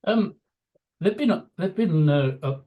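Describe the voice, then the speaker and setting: Through narrow, tinny audio, a man in his seventies sounds a little high and animated, speaking at a moderate pace. The veteran news executive wanders through career anecdotes in a relaxed interview, heavy on "you know" fillers.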